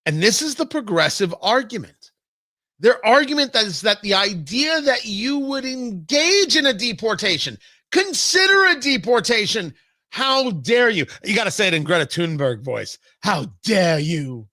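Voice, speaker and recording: A bright, high-pitched male talk radio host with a very lively, swooping delivery. He is sarcastic and opinionated, punching some lines and muttering others. His voice sounds dry and close to the mic. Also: normal speed, no room sound. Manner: animated, sarcastic, swings between loud jabs and low asides. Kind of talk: opinionated political commentary.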